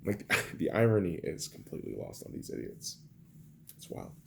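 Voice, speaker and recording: A young man hosting a podcast, delivering an angry, profane political rant that swings between shouting and low muttering. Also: very animated, normal speed, creaky, a little hiss or hum. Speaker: podcast host.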